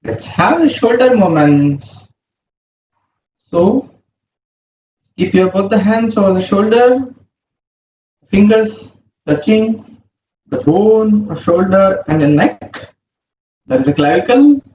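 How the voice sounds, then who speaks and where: A male yoga instructor guides a session, giving calm breathing cues at a very slow pace. His voice is high for a man and sits some distance from the mic. The audio sounds roomy and slightly muffled, with a faint hum beneath.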